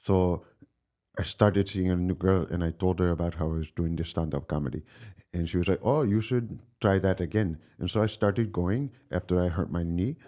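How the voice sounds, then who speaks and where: A young man from Long Island talks with a very low, deep voice. He rambles in a laid-back way as a comedian guest on a podcast, scattering fillers and swear words. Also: a little fast, dark tone. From Long Island, New York. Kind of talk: casual podcast chat.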